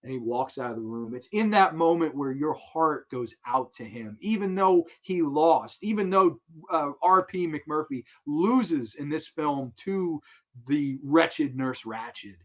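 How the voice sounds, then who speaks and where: A man's voice: on the high side, lively intonation, measured pace, highs cut off. A man hosting a casual film talk show, talking with enthusiasm and rambling with fillers and restarts.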